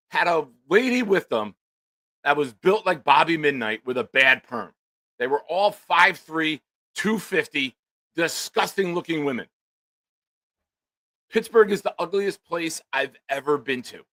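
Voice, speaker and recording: A middle-aged man rants through a crude comic story, loud and animated. His voice is bright and forceful, and the sound is dry and close with no room echo. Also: on the high side, unhurried. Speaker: podcast co-host. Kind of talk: profane comedic storytelling.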